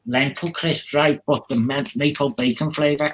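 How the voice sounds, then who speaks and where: A man's voice: fairly high pitch, steady tone, normal speed, slight background noise, poor audio. A man, hosting a casual chat, friendly and rambling with many ums. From Liverpool. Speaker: live stream host.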